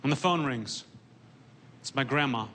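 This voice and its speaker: Deadpan stand-up comedian, bright voice. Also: male voice, mid-range voice, measured pace, slight background noise. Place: stage before a live audience.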